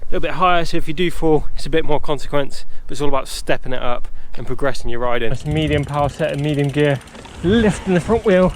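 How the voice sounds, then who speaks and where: A man talks through riding moves step by step as he rides outdoors in town. His voice sits a little high for a man, with a faint hum behind him. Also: fast talker, few pauses. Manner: encouraging, talks through each move step by step. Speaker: riding skills presenter. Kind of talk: instructional talk while riding.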